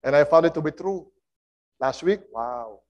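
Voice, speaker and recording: A man preaching a sermon as a guest speaker, swinging between loud and soft and getting the congregation to join in. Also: fairly high pitch, lively intonation, normal speed.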